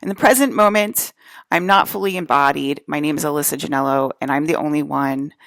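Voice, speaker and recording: A woman's voice: low voice, fairly quick, creaky, no room sound. Profane, emphatic woman ranting. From New Jersey. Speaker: vlogger. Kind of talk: rambling solo rant to camera.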